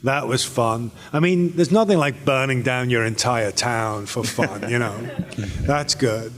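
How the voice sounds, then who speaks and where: A man's voice: medium pitch, unhurried. British man answering fans in an echoey hall. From Britain. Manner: relaxed, rambling, with many fillers and restarts. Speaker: actor and panel guest. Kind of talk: convention panel Q&A. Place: convention panel hall.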